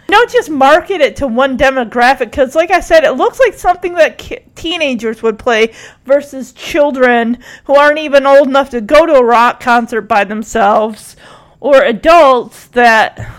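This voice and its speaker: While reacting to a TV episode, a woman offers casual, opinionated commentary. She's chatty, her pitch drifts, and she slips into mimicry.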